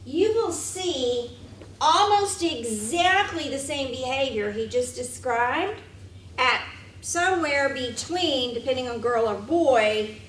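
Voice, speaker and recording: A woman's voice: high voice, lively intonation, takes it slowly, a bit bright. A woman co-teaching a parenting class in a church, adding points to the lecture. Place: church meeting room. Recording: echoey room from far off, faint hiss.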